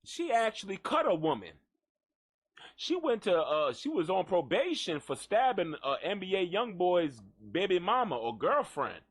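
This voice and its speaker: A man's voice: high-pitched, big pitch swings, moderate pace, husky. A man hosting a live gossip show, riffing in a joking, profane, mocking way. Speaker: host. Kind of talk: comedic gossip commentary.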